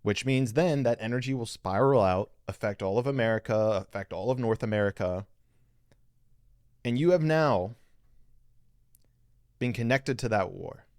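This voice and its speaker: A man's voice: fairly low pitch, a little mellow, no room sound, studio quality. Earnest man giving spiritual advice. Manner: earnest, repetitive, coaching listeners directly. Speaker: podcast host. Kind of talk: spiritual teaching monologue. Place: live stream reading viewer comments.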